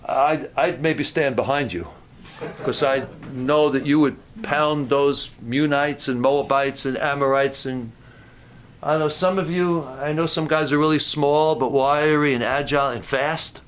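A man preaching at a camp meeting, talking straight to the congregation with self-mocking humor and climbing to near-shouts when impassioned. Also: fairly high pitch, steady tone, unhurried, a little hiss or hum. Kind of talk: sermon.

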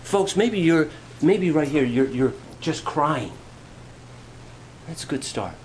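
A man preaching a sermon, shifting from quiet storytelling to rising, fervent preaching. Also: a little high, animated, takes it slowly, slight background noise, low-quality recording. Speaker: pastor.

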